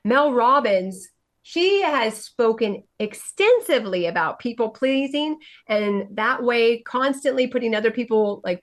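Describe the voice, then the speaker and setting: A woman hosting a motivational podcast, talking passionately and emphatically and often asking "right?". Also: mid-range voice. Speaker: podcast host and coach. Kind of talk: motivational monologue.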